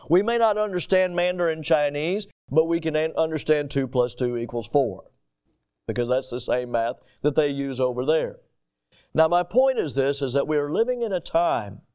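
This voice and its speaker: Male pastor, sermon delivery, rhetorical and emphatic, fairly high voice. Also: dark tone. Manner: emphatic, rhetorical questions, drawn-out pauses.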